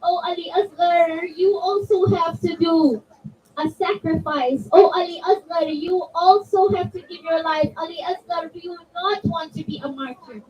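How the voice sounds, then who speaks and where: Brief: woman voicing a tender, grave father, soft and steady, heard through a dull, distant mic. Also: extremely high pitch, moderate pace. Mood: solemn tender. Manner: calm, soft, reassuring. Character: gentle, solemn father comforting his daughter.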